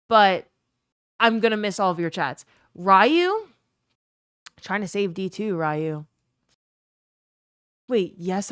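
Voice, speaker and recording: A young woman hosting a live stream, chatting excitably with her viewers, swearing freely, and thanking them for gifts. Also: medium pitch, no echo, studio quality. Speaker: livestream host. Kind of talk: casual stream chat.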